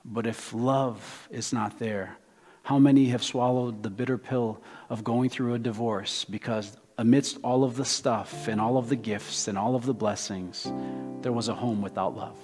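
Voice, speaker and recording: A man's voice: medium pitch, steady tone, moderate pace. A man preaching a sermon in a church, emphatic and rhythmic, building lists toward a point, then leading a prayer. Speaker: pastor. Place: church sanctuary. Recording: reverberant hall with guitar music. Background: soft guitar playing.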